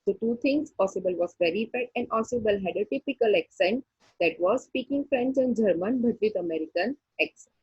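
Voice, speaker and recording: A woman, teaching a story and explaining each line slowly, repeating points and checking with "okay". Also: mid-range voice, expressive, darkish tone, husky, no room sound, highs cut off. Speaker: English teacher. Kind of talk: classroom lesson explaining a story.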